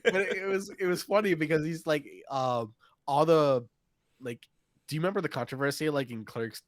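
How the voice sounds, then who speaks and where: A man's voice: a little high, moderate pace, no echo, clean studio sound. A man co-hosting a casual podcast, rambling about funny movie scenes and swearing easily. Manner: laid-back, rambling, drops swear words. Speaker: podcast co-host. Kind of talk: casual chat.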